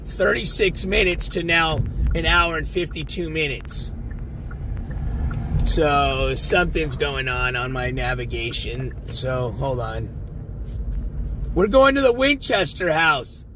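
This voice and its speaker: In a noisy background, a man streams from inside his car as he drives, rambling and swearing while talking to his chat. His voice leans high and expressive, and his delivery is slow.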